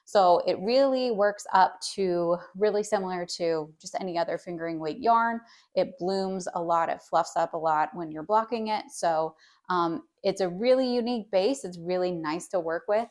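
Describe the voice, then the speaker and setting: Chatty woman with a lowish voice. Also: moderate pace, darkish tone. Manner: chatty, hesitant with many ums. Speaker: knitwear designer. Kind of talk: casual vlog chat.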